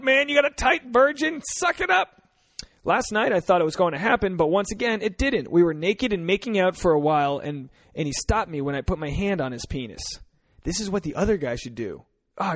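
Blunt, crude male comedian podcaster. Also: on the high side. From Rhode Island. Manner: blunt, crude, jokey, acts out voices. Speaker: podcast host.

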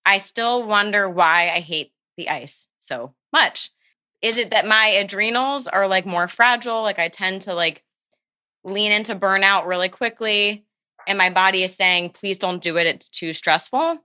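A woman with a bright voice asks a question in a casual conversation. She is self-deprecating and leans on "like" as a filler. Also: mid-range voice, a little slow.

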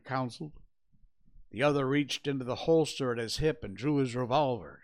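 A man hosting a show, reading a classic adventure novel aloud in slow, measured narration. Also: medium pitch.

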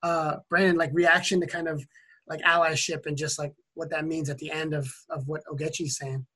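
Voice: mid-range voice, little pitch movement, moderate pace, pushed and bright, husky. A podcast host moderating a panel in a loose, rambling way, with a lot of fillers. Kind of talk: panel discussion.

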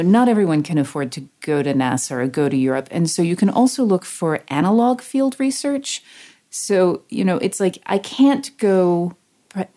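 A woman's voice: sits low, mellow. A woman who teaches writing, co-hosting a podcast and talking earnestly with restarts. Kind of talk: casual chat.

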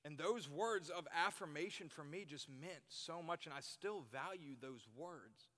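A man's voice: fairly high pitch, measured pace, a bit bright. A young man preaching to a youth group, earnest, repeating his key phrases for emphasis. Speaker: youth pastor. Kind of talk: sermon. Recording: long reverb in a hall.

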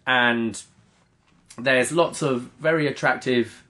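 A man co-hosting a podcast, chatting in a relaxed, easy way. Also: medium pitch, slow. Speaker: podcast co-host. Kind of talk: casual chat.

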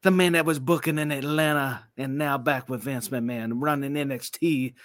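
A man's voice: mid-range voice, fairly even intonation, normal speed, fairly bright tone, no room sound, clean studio sound, lightly acted. A man doing an impression of a swaggering Southern wrestling legend who drawls and tags lines with "baby".

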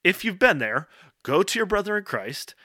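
A man giving an informal devotional talk to college men, earnest and direct, often checking in with "okay" and pausing on "um". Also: high voice, big pitch swings, pushed and bright, dry recording, studio quality. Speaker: speaker addressing college men.

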